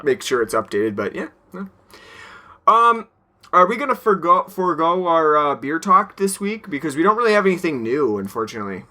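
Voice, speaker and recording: A man's voice: fairly high pitch, sing-song, normal speed, pushed and bright. A young man co-hosting a podcast, chatting casually, rambling with fillers and laughing often. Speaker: podcast co-host. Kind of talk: casual chat.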